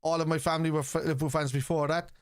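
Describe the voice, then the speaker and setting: A man with a Scouse accent hosting a live football watchalong stream, reacting to the match and arguing bluntly with viewers in the chat, swearing freely and yelling out players' names. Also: fairly high pitch, flat delivery, racing, clean tone, no echo, clean studio sound.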